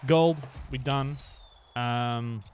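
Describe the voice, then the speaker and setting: A man streaming a motorbike game live, chatting excitedly to his viewers while he plays. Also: mid-range voice, very slow, a little hiss or hum. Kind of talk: live-streamed gameplay chat.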